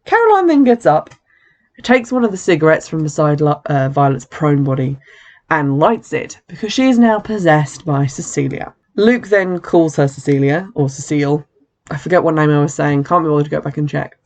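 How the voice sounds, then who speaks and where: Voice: medium pitch, expressive, normal speed. A podcast host casually recapping a horror film, chatty, with wry asides and frequent self-corrections.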